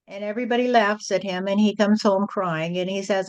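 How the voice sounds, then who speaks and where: A woman speaking as a spiritual channel, delivering a message in a slow, repetitive, rhyming preaching cadence. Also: mid-range voice, steady tone, darkish tone, smooth. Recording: dull lo-fi recording.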